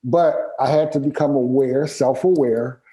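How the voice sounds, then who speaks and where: A man sharing a work story with his team in a measured, hesitant way with many pauses. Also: medium pitch, steady tone, mellow, poor audio. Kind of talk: casual storytelling in a group discussion.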